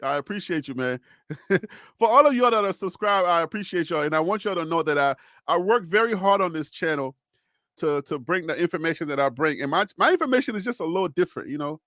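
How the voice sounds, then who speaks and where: A Liberian-accented man hosts a live college sports stream, talking in a chatty, animated way and answering his viewers. His voice sits fairly high. The sound is dry and close, with no room echo. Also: fast. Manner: frequent laughs and self-talk. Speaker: sports channel host.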